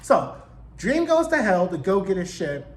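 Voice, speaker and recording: A man's voice: high-pitched, measured pace. Slangy man recapping in an echoey room. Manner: slangy, animated retelling with profanity. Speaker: TV show reviewer. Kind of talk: casual recap and review.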